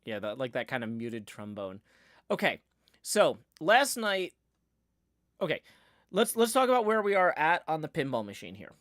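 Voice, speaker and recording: A man's voice: a little high, very animated, normal speed, pauses often, a bit bright, no room sound, clean studio sound. A man, likely in his forties, hosting a live stream in casual, rambling chat full of fillers and easy laughs. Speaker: livestream host. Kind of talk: casual chat while building.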